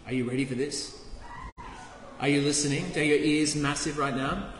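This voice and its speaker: High-voiced playful pastor in echoey hall. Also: male voice, fairly even intonation, normal speed, a little hiss or hum. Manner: playful, asks the kids questions. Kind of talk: children's talk in a sermon. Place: church. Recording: echoey church hall, faint ambience.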